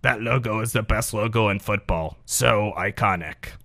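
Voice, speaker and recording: A man doing a gravelly smug sports fan. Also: lowish voice, normal speed, pushed and bright, no echo, pitched below the performer's own voice. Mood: sour smug. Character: surly smug male football fan.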